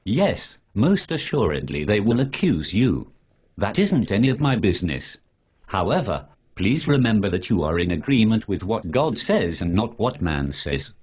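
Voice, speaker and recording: A lecturing mood drives this synthetic animated dialogue: a computer-generated male superhero, sarcastic and preachy, reels off long lists at a moderate pace. He sounds very deep and rough-edged, and his pitch jumps around a lot.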